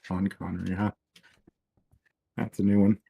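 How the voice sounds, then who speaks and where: A man's voice: deep voice, little pitch movement, unhurried, creaky, mellow, breathy edge, dull audio. A playful man co-hosting a podcast in casual chat, laughing often. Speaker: podcast co-host.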